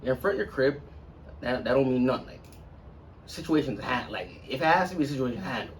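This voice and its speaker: A man casually telling a long personal story on a podcast, acting out everyone in it with sudden loud, high-pitched bursts. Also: quick pace, far from the mic, a little hiss or hum. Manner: animated, swings into loud high-pitched quotes of others.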